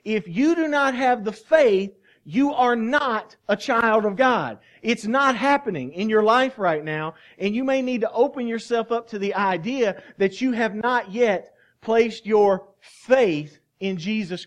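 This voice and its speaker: A man with a high voice preaches in a church, speaking with fervor and urgency. He presses his points hard, swinging between loud declarations and quiet, earnest pleading. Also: lively intonation, measured pace, hardly any pauses. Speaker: pastor. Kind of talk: sermon. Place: church sanctuary.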